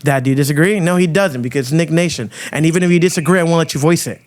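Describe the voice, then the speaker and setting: A man hosting a podcast, delivering a loud, crude, provocative rant full of swearing. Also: a little high, rapid-fire. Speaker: podcast host. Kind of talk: ranting monologue.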